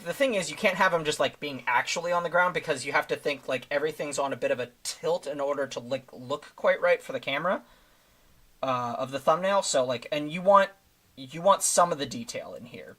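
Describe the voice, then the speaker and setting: A man's voice: a little high, fairly quick, fairly bright tone. A man casually commenting while he works on a live stream, thinking aloud with lots of fillers and restarts. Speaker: streamer making thumbnails.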